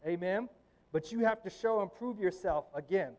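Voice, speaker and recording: A man's voice: high voice, moderate pace, darkish tone. A man giving a conversational church sermon, joking and asking "amen?" often. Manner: chatty, joking asides, frequent "amen?". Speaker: lay preacher.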